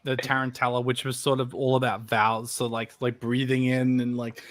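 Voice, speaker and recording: A man's voice: medium pitch, little pitch movement, a little fast, no echo. A man on a voice actor panel, chatting casually with many fillers and restarts.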